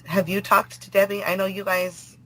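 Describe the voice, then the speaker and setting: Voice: mid-range voice, little pitch movement, normal speed, sharp tone, a little hiss or hum, rough recording. Angry, provoking prank caller on a phone. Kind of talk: phone conversation.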